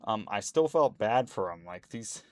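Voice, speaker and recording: A man's voice: lowish voice, expressive, normal speed, no echo. A man at home, rambling indignantly as a YouTuber in casual ranting commentary, full of fillers.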